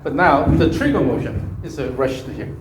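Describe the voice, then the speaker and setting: A man's voice: fairly high pitch, very animated, moderate pace, a crowd in the background. Man coaching a golf swing, echoey room. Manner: instructive, repeats cue phrases, hums swing rhythms. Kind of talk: hands-on swing instruction. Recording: echoey room, faint background noise.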